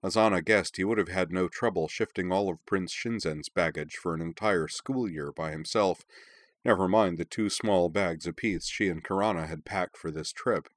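A man reading a novel aloud in measured, even storytelling narration. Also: low voice, no echo. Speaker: audiobook narrator. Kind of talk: scripted narration.

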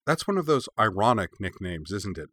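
A man's voice: fairly low pitch, moderate pace, no echo, heavily acted. A man reading a fond, wry woman. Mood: fond teasing. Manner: fond, wry, deadpan humor. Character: warm, teasing woman, the Avatar. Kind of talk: read-aloud fan fiction.

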